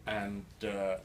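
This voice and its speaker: Older man, slow halting talk, distant. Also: on the low side. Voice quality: slightly slurred from a new denture. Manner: halting, many restarts and fillers. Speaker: guest speaker. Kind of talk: live storytelling talk. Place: event hall with an audience. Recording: distant mic in a noisy room.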